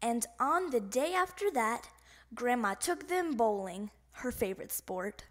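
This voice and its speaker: A woman reads a children's picture book aloud, slowly and expressively. Her voice is high and lively. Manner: animated, expressive. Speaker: storybook reader. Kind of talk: children's storybook read-aloud.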